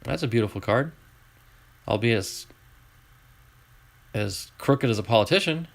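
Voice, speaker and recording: A man opening packs of baseball cards on a live stream, chatting to viewers and getting excited over each find. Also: medium pitch, a little slow, vocal fry. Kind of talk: live card-opening chat.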